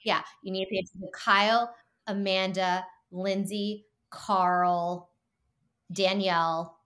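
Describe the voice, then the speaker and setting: A woman's voice: medium pitch, fairly even intonation, fairly bright tone. Eager woman breaking down a reality show. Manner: enthusiastic explainer, teacher-like, quick asides. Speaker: podcast co-host. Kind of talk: casual comedic chat.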